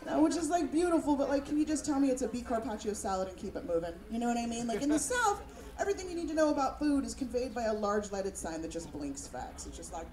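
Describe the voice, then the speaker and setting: A woman's voice: fairly high pitch, lively intonation, fast talker, darkish tone. A woman stand-up comedian from San Francisco doing a brash, profane storytelling set before a live audience. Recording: echoey room with audience.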